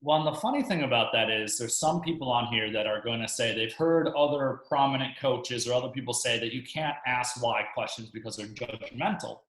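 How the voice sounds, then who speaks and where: A man's voice: mid-range voice, a little fast, hardly any pauses. Man coaching in an echoey room. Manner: relaxed, filler-heavy, laughs easily. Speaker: real estate coach co-hosting a webinar. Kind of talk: casual webinar chat.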